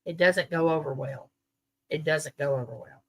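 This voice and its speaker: A woman's voice: deep voice, normal speed. A woman from the American South with a Southern US accent, hosting a casual live chat and telling rambling stories to her viewers. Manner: chatty, rambling storyteller. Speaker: livestream host.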